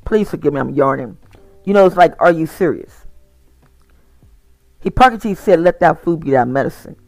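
A man's voice: a little high, lively intonation, moderate pace, gravelly, darkish tone, no echo, faint music behind. A tired man talking casually to his community, rambling with frequent restarts and repeated words. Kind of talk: casual monologue to camera.

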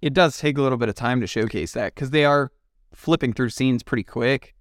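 A man's voice: medium pitch, brisk, no room sound. A man co-hosting a podcast, talking about a film in a laid-back, chummy way. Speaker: podcast co-host. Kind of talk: casual film discussion.

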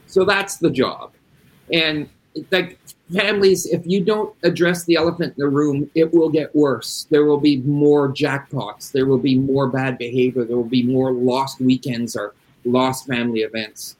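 A man's voice: mid-range voice, steady tone, a little slow, low-quality recording. A middle-aged man who works as an addiction interventionist, talking bluntly and emphatically with plenty of swearing in a casual interview.

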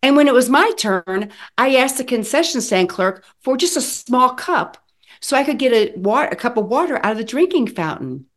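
Animated woman in her sixties telling a story. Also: fairly high pitch, moderate pace. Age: 60s. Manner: animated, dramatic retelling with acted quotes. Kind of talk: personal storytelling.

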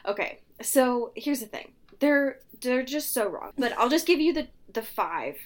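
A woman co-hosting a podcast in casual chat, animated and quick to laugh as she rants. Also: high voice. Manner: animated, ranting, laughs often. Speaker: podcast co-host.

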